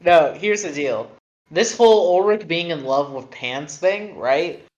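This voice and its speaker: Excitable stream co-host, quick ideas, middle pitch. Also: dull audio. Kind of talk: casual group chat.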